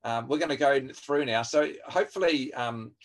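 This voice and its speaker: A man's voice: mid-range voice, moderate pace. A man training a group over a video call, talking in a friendly, chatty way with many fillers and restarts. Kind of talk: online webinar teaching. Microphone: video call microphone.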